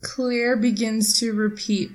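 A woman game master narrating a tabletop role-play in a steady, descriptive way. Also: fairly high pitch, takes it slowly, soft background music.

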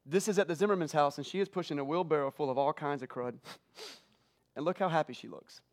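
A middle-aged male pastor telling a story in a sermon, emotional and conversational, often repeating words as he goes. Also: fairly high pitch. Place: church auditorium.

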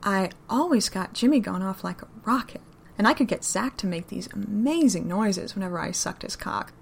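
A woman's voice: medium pitch, expressive, normal speed, gravelly, slight background noise. A woman voicing a sweet but cheeky young Southern woman who teases playfully. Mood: teasing.

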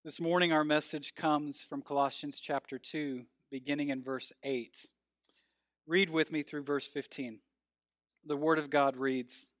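A man preaching as pastor, reading scripture in a measured, earnest way and telling a story, his phrase ends falling soft. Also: on the high side, steady tone, no room sound, studio quality.

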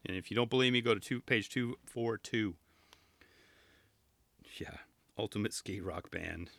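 A podcast host flips through a magazine, chatting casually and joking with rambling asides and playful pleading. His voice is on the low side and a bit bright with vocal fry, measured in pace, with no echo.

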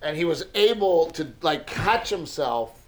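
A man's voice: fairly high pitch, animated, measured pace, rough recording. A man in his thirties, a podcast co-host, telling family stories in a casual chat, laughing often and acting out his son's lines.

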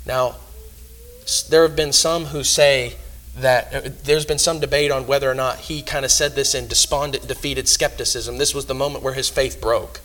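A man preaching a sermon in earnest, swinging between loud emphasis and hushed asides. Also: medium pitch, steady tone, moderate pace, rough recording.

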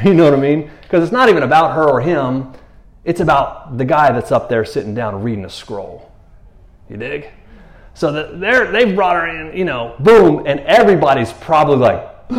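A man gives a relaxed, talky sermon, retelling a story with slangy asides and rhetorical questions. He jumps into quick voices for the people in it, then drops back to his easy chatting tone. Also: medium pitch. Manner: lively storytelling, acting out characters with voices. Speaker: preacher. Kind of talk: casual conversational sermon.

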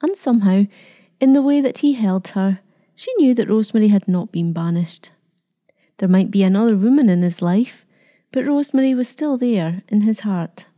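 A woman narrating a story in a calm, measured reading voice. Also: mid-range voice.

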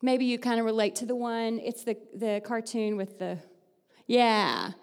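Chatty high-voiced woman in teacher voice. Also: unhurried, clean tone. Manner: teacher-voice, upbeat and chatty, laughs easily. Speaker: fourth-grade teacher giving a church talk. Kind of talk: lively church devotional with audience participation. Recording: long hall reverb.

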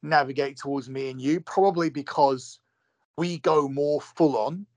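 A man's voice: a little high, normal speed, no room sound. Young man, guest on a podcast. Emphatic, profane, repeats himself for force. Dry recording. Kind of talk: heated casual chat.

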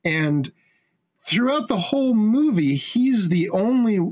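A man's voice: high-pitched, takes it slowly. A man in casual chat who retells a film scene by scene, swearing freely, laughing often and acting out the characters' lines. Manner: animated, profane, laughing storyteller who acts out the dialogue.

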